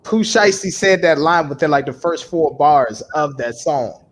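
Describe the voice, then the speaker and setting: A man co-hosting a podcast in casual chat, animated and repeating himself for emphasis. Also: on the high side, measured pace. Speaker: podcast co-host.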